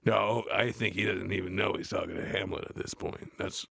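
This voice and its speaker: An actor playing a gruff, blunt adult metal frontman, reading a play aloud in a deadpan, grumbling way and mocking the text. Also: deep voice, brisk, no room sound, studio quality, exaggerated voice. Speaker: reader of a play. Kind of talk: comedic read-aloud with running complaints.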